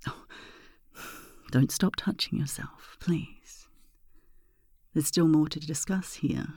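Brief: whispered role-play, husky gravelly voice, unhurried teasing delivery, dry close sound. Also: mid-range voice, dry recording. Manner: slow, teasing, breathy murmuring with sudden loud moans. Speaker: erotic audio performer.

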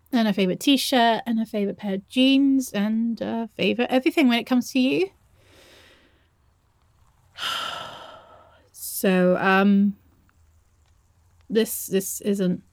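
A woman's voice: on the high side, no echo, studio quality. A young woman acting a shy, nervous lover in an audio role-play, stammering and hesitating as she speaks to her partner.

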